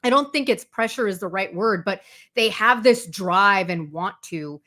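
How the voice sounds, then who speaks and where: A woman's voice: medium pitch, a little slow, pushed and bright. A woman sports reporter, a guest on a sports talk show, explaining in fluent detail and retelling anecdotes with energy. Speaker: college football reporter, guest.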